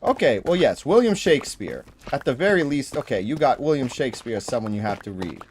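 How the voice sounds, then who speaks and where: A man with a Boston accent hosting a gaming livestream, chatting in an animated, joking way. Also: medium pitch, fairly quick, background noise. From Boston area. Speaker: livestream host. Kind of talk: casual chat.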